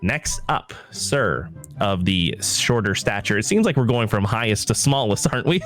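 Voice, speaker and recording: A man's voice: lowish voice, sing-song, normal speed, fairly bright tone. A man voicing a showy male game-show host who hams up his announcer patter. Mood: hammy. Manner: brassy, over-the-top announcer patter. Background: background music.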